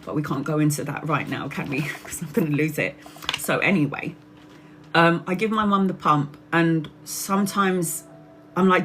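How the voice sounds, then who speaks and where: A woman's voice: lowish voice, moderate pace, sharp tone. A woman from Brazil, a tarot reader telling personal stories on a livestream in a chatty way, laughing often and acting out other people's voices. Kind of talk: casual personal storytelling.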